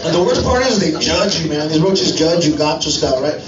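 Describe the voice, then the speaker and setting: A man's voice: on the high side, animated, a little fast, heavy background noise. A man performs a stand-up comedy set in a club, chatting with the crowd and constantly asking "right?". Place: comedy club stage before a live audience. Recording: echoey club audio from a distance, dull.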